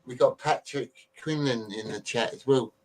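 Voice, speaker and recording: A man's voice: medium pitch, normal speed, a little mellow, slight background noise, low-quality recording. A man hosting a casual live stream, greeting his guests in a friendly way. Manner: chummy, greets guests one by one. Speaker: birthday stream host.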